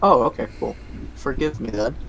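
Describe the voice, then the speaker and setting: Man, podcast co-host, casual chat, laughs a lot, middle pitch. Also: normal speed, creaky, fairly bright tone, low-quality recording. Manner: laughs often, trails off and restarts.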